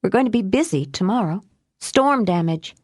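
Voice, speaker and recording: A woman voicing a tough, blunt young witch with a quick temper. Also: mid-range voice, expressive, no room sound, studio quality, close to an everyday voice. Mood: shaky, wry.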